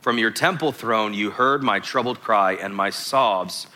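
A man's voice: on the low side, unhurried, sharp tone, a little hiss or hum. A man preaching a sermon, reading scripture verses aloud and stopping to explain them to his listeners.

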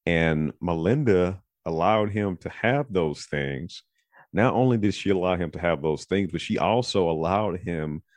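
Brief: male podcast host, very deep voice, loose and digressive, dry close recording. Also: no room sound. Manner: rambling, digressive, thinks out loud. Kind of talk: casual podcast chat.

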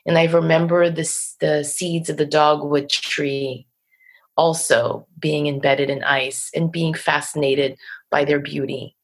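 A woman with a New Jersey accent, a poet and teacher, talking thoughtfully in an interview and laughing softly now and then. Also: deep voice, flat delivery, measured pace. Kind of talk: reflective interview conversation.

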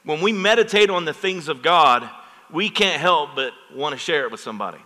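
A middle-aged male pastor preaching to his congregation, his voice bright and forceful and a little higher than most men's. He keeps pulling the room in with call-and-response asides. The sound carries a long reverb from the church hall. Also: lively intonation, a little fast. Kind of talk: sermon. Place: church sanctuary.

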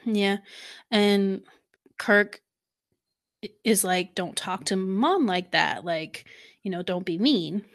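A woman co-hosting a podcast in casual recap chat, animated, swearing freely and acting out quotes from the episode. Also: mid-range voice, slow, long pauses. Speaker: podcast co-host.

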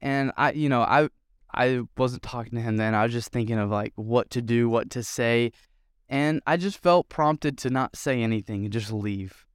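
A man's voice: mid-range voice, moderate pace, smooth, no room sound, clean studio sound. A young man and youth pastor, telling a story in an earnest, rambling way with many fillers. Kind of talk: casual storytelling vlog.

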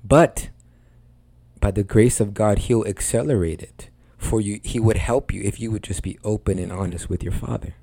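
Earnest low-voiced man preaching casually. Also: moderate pace, vocal fry, mellow, no room sound. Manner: earnest, emphatic, repeats phrases for stress. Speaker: Christian podcast host. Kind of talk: conversational preaching.

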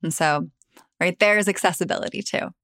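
Podcast host lady, real low voice, kinda gravelly, chill convo. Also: brisk, fairly bright tone, no room sound, clean studio sound. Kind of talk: casual interview chat.

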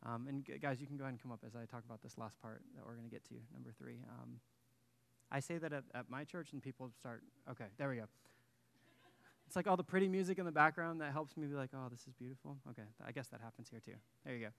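A guest pastor in his thirties speaks to a congregation in a church sanctuary, telling a personal story in a chatty, self-deprecating way and joking with the people in the pews. His voice sits in the mid range, a bit bright and creaky, and he talks fast.

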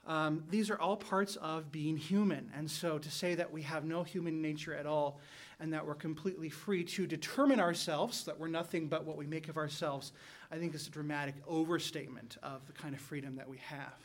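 A man co-hosting a Catholic talk show, explaining ideas in a measured way and reasoning aloud through examples. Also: on the high side, steady tone. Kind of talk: conversational philosophical explanation.

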